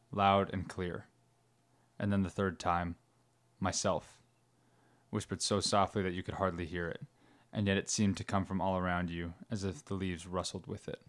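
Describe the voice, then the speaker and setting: Low, flat-voiced man discussing faith. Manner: reflective, reads quotes aloud.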